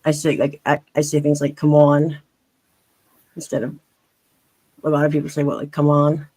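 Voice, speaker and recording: A woman's voice: sits low, monotone, fairly quick, darkish tone, breathy edge, dry recording, low-quality recording. A woman with a faint Philadelphia accent, chatting as a panelist in a rambling, chatty way with many restarts. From Philadelphia area. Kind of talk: casual chat.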